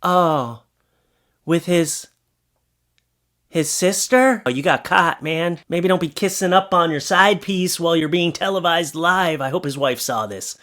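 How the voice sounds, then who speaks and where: A man hosting a casual reaction commentary, sarcastic and mocking, reading texts aloud in animated voices. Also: on the high side, a little slow. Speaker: YouTube host.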